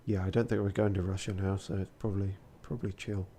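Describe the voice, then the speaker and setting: Speaking quickly in a dark, flat voice with little pitch movement, a weary streamer narrates his gameplay in a casual mutter. Slight background noise is present, and he reads on-screen text aloud while swearing a lot.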